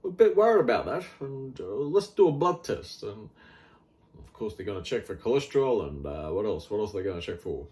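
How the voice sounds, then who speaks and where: A man's voice: on the low side, very animated, brisk, dark tone. Rambling middle-aged Australian man. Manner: rambling, frequent fillers, blunt and wry. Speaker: health vlogger. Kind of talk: casual monologue.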